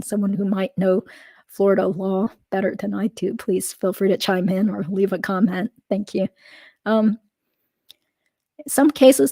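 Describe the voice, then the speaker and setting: A woman hosting a live stream, reading chat comments aloud and thinking out loud in casual talk full of fillers and easy laughs. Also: mid-range voice, creaky, no echo.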